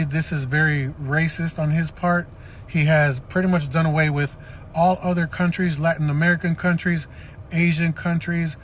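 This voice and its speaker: A man speaking to the camera in a measured, disappointed tone, asking viewers for their opinions. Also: a little high, slight background noise. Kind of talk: commentary video addressing viewers.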